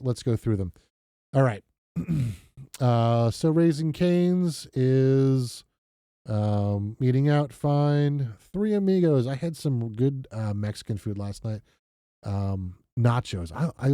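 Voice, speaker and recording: Dark-toned, chatty budgeting vlogger, a man. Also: medium pitch, dry recording, clean studio sound. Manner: chatty, self-deprecating, many fillers and restarts. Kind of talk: casual screen-share walkthrough.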